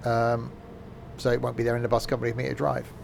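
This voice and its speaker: Male streamer, gravelly, rambling casual game commentary, dry humour. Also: medium pitch, monotone, fast, slight background noise.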